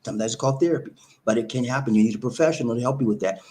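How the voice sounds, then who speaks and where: Host: man, casual advice monologue, animated and repetitive, mid pitch. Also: very fast. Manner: animated, repetitive, preachy, says "man" often. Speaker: relationship talk host.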